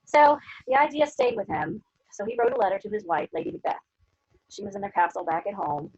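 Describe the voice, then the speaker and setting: A woman's voice: mid-range voice, big pitch swings, a little fast, darkish tone, dry recording. A woman teacher retelling a story for her class in a chatty way, full of fillers. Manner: chatty, lots of fillers like 'you know'. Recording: dull lo-fi dry recording.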